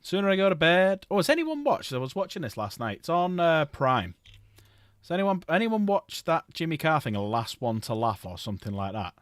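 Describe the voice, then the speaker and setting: A man's voice: fairly high pitch, sing-song, fairly quick, a little hiss or hum. Chatty swearing man painting. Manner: chatty, rambling, swears freely. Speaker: painting livestream host. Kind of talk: casual chat while painting models.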